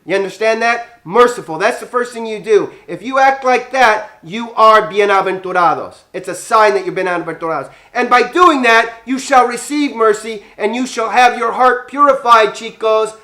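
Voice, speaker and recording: A man teaching a children's Bible lesson as a priest, animated, acting out scenes and dropping Spanish words into his English while quizzing the kids. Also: sits high, moderate pace, few pauses.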